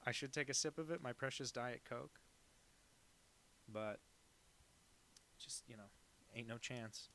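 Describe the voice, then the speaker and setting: A man's voice: medium pitch, a little slow, creaky, long pauses, pushed and bright, a little hiss or hum. A man chatting casually on a live stream while drawing, rambling and self-deprecating with lots of asides. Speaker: cartoonist streaming a drawing session.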